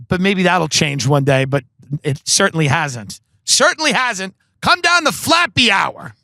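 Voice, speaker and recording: A Long Island man with a slightly high, fairly bright voice hosts a podcast of comedic stories, rambling and profane, stuffed with filler words. The recording is dry.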